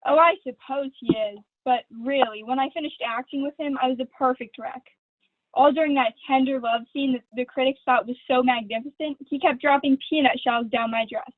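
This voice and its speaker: Reading her school play part at home over a video call, a teenage girl voices a glamorous, vain stage actress who gushes in a catty way. Her high voice is fairly even in intonation and a little fast, with a theatrical, affected, honeyed manner, recorded dry and tinny.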